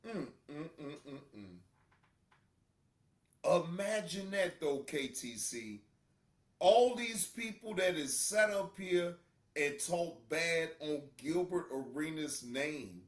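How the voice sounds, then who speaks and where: A man streaming a reaction video, cursing and mocking in a comedic rant that breaks into loud shouts. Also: on the high side, animated, slow, roomy sound.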